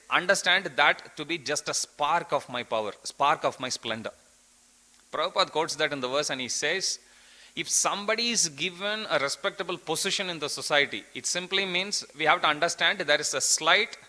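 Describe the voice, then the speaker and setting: A man's voice: on the high side, bright, forceful tone, poor audio. A man giving an earnest devotional scripture class, telling a story and quoting verses.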